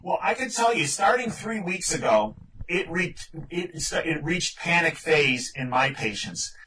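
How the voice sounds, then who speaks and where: High-voiced emphatic man, off-mic. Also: sing-song, unhurried, bright, forceful tone, distant mic, low-quality recording. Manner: emphatic, insistent, repeats the host's name. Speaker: physician guest. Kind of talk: phone-in interview storytelling.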